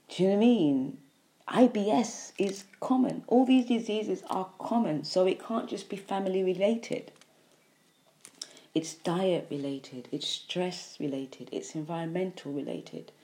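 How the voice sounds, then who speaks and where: Mellow, low-voiced woman preaching about health. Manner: earnest, emphatic, repetitive lists. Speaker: health speaker. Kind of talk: impassioned health monologue.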